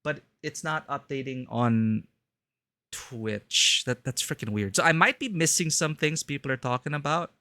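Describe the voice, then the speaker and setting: A man's voice: mid-range voice, moderate pace, pushed and bright, no echo. A man chatting casually on a live game stream, rambling and cutting himself off mid-thought. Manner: rambling, self-interrupting.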